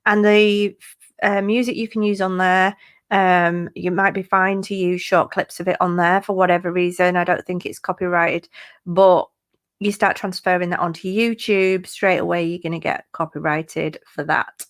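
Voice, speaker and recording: A woman's voice: fairly low pitch, flat delivery, normal speed. Chatty woman live-streaming crime talk. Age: adult parent. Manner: rambling, chatty, many fillers. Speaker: true crime YouTube host. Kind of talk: casual live-stream chat.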